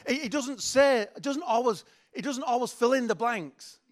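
A man's voice: very high voice, expressive, moderate pace. A middle-aged man preaching a sermon in a chatty, joking, self-mocking way. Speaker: pastor.

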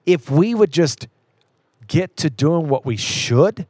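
A man's voice: fairly high pitch, animated, slow pace, a little mellow, breathy edge, no echo. A man in his thirties co-hosting a podcast, telling earnest stories in casual chat. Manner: earnest, storytelling. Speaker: podcast co-host.

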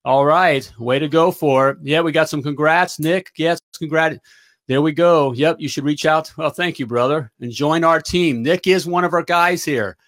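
On his livestream, a middle-aged man coaching business gives a lively pep talk, repeatedly asking "all right?" His voice sits a little high, and he talks at normal speed.

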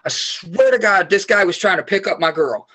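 A man guest on a podcast, telling rambling, animated stories and swearing freely in casual chat. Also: high-pitched, normal speed, slightly rough.

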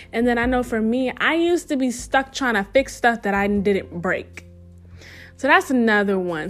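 A woman's voice: medium pitch, brisk, soft background music. A young woman hosting her own podcast, talking casually and reflectively, interrupting herself with playful asides and repeating her advice for emphasis. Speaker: podcast host.

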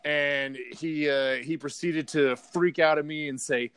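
A man's voice: a little high, moderate pace, hardly any pauses, fairly bright tone, no echo. A man co-hosting a podcast, telling a heated, profane story in casual chat. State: partly deaf in left ear. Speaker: podcast co-host.

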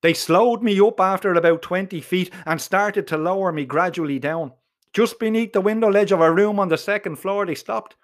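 A man with an Irish accent telling a comic first-person story in a profane, colloquial and animated way. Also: high voice, moderate pace. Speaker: narrator.

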